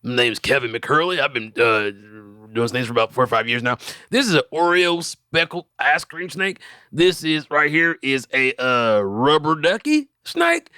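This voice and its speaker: A man's voice: medium pitch, lively intonation, moderate pace, pushed and bright, clean tone, no room sound, studio quality. A man doing a comic voice-over as a rambling male snake breeder who stumbles over his words with many fillers. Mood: boastful. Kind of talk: comedic voice-over dubbing a video.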